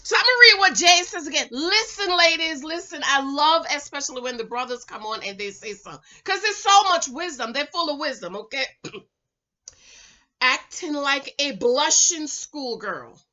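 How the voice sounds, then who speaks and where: A woman from the Caribbean islands talks casually to her viewers, loud and playful, her high voice swooping all over. Her tone is bright and sharp. The sound is dull and lo-fi, picked up by a camera with no microphone. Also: moderate pace. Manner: animated, loud, laughs often, playful. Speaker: YouTube reality-show reviewer. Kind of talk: casual chat reading viewer comments. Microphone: camera mic, no microphone.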